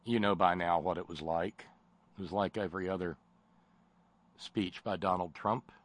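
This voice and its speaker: A man's voice: low voice, fairly even intonation, moderate pace. A man hosting a political commentary show, sardonic and rambling in his delivery. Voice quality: gravelly. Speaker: host.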